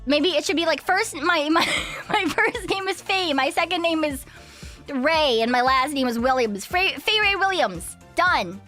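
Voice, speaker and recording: High, bright young woman streamer, giggly. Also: measured pace, faint music behind. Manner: giggly, swears a lot, rambling and playful. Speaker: VTuber streamer. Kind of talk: casual live-stream chat.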